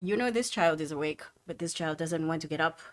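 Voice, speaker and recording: Low-voiced woman game master. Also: fairly quick. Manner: casual, stammering restarts. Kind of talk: narrating a tabletop game.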